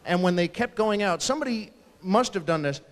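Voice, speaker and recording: A man doing a stand-up routine on stage, slipping into the voices of his family members as he tells stories. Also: high-pitched. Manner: animated, acting out family members in quick asides. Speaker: stand-up comedian. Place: large ballroom stage at a live fundraiser. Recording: long hall reverb from a large ballroom.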